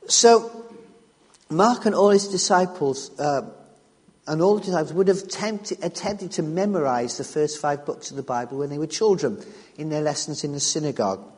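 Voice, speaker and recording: A man preaches a sermon on scripture, speaking emphatically and repeating key phrases as he restarts sentences. His voice is fairly high, animated and a little mellow with a breathy edge, at a normal speed, and the large hall gives a long reverb.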